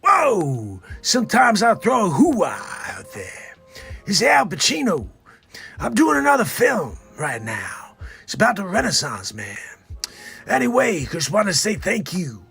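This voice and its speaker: Man doing an explosive film star impression; gravelly, bright, shouty. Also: sits high, wildly swooping pitch, unhurried, faint music behind, exaggerated voice. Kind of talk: comedic celebrity impression.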